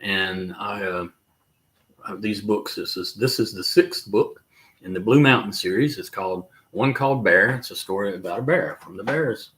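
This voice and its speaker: An older man with a Southern accent from the North Carolina mountains, hosting a casual live chat in a folksy, rambling way with drawn-out fillers. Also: lowish voice, a bit bright. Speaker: livestream host and musician.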